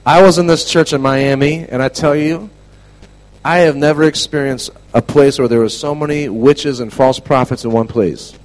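A man preaching a storytelling sermon to a class, animated, dropping to a hush and then shouting. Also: medium pitch, moderate pace, poor audio. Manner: animated, swings from hushed to shouting.

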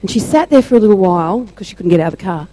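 A woman sharing a church testimony, telling her story slowly and deliberately with emphatic pauses. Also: medium pitch, animated, warm tone, no room sound, low-quality recording.

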